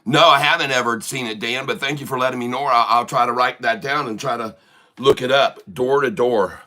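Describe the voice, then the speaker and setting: Jokey, bright-voiced livestream host. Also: male voice, mid-range voice, brisk. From Michigan. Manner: jokey, laughs often, rambling. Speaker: stock-trading livestream host. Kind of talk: casual livestream chat.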